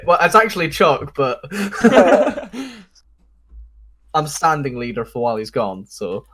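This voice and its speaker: A man's voice: fairly high pitch, big pitch swings, slow, fairly bright tone, full character voice. A man voicing a brash, joking male adventurer who leads the party. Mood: boastful. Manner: crude, swearing, laughing often.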